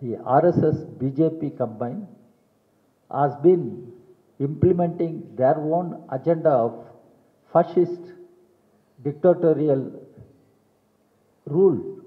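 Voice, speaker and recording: An older man with an Indian English accent delivers a press statement at a measured, very slow pace, leaning hard on each key phrase and repeating it. The sound is narrow and tinny, as if heard down a phone line, and it carries a long echo from a big hall. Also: a little high. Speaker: party general secretary at a press conference.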